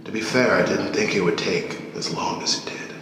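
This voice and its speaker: A man voicing a scheming male villain who speaks in a drawn-out, menacing way that sinks to a whisper. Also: fairly low pitch, lightly acted. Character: scheming male villain revealing his plan. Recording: echoey hall, noisy, with traffic behind.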